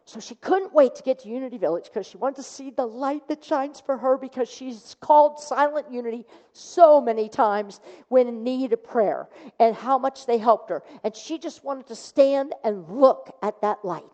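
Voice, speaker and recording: In a church sanctuary, a woman minister preaches a sermon, telling a story and voicing its characters. Her warm, slightly high voice moves at a moderate pace with few pauses, and the recording is dull with long hall reverb.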